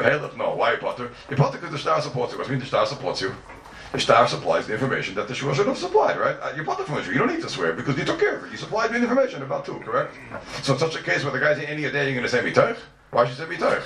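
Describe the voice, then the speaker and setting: A man races through a Talmud lesson, his pitch leaping up and down as he argues each point. He is heard from a distance in a roomy classroom, with faint ambience behind him. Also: a bit bright, a little hiss or hum. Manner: rapid, questioning, sing-song give-and-take. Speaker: Talmud teacher. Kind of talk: animated Talmud class lecture.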